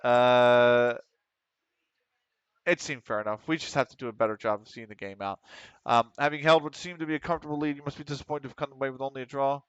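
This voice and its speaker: A man giving casual commentary on a football management game, reading questions aloud quickly and answering offhand with casual swearing. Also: medium pitch, fairly even intonation, fairly bright tone, clear, resonant tone, no echo. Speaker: gaming streamer. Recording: dry, slightly dull home mic.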